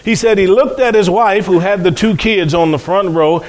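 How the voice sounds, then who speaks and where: Male preacher, high voice, storytelling sermon with acted-out quotes. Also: moderate pace.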